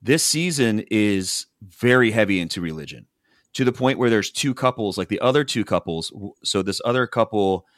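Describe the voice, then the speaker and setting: A man's voice: on the low side, moderate pace, no room sound, clean studio sound. A man hosting a podcast, telling a reality-show recap in casual chat and acting out the people's lines. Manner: animated storytelling, acts out quotes from the show.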